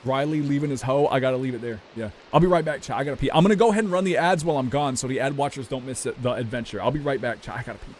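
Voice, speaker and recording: A man's voice: medium pitch, rapid-fire, hardly any pauses, a little hiss or hum. A young man from the United States, a streamer rambling casually to his chat while gaming, loose and profane.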